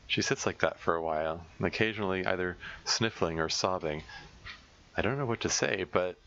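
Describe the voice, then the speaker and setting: Low, bright-toned man narrating a visual novel. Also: muffled recording. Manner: steady first-person narration with small stumbles. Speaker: let's play narrator. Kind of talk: reading a visual novel aloud.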